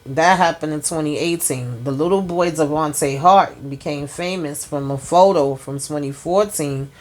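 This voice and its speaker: A woman with a lowish voice recaps a TV episode in a sassy, animated way. She talks straight to her viewers and keeps pulling them into her reactions. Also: normal speed. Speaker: TV episode reviewer. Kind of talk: casual recap monologue.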